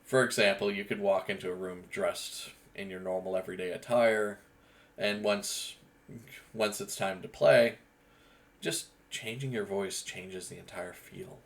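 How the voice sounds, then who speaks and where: A man's voice: lowish voice, a little slow. A man from Eastern Canada, hosting a casual, rambling monologue about role-play voices. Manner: rambling, with frequent restarts and fillers. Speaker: gaming channel host.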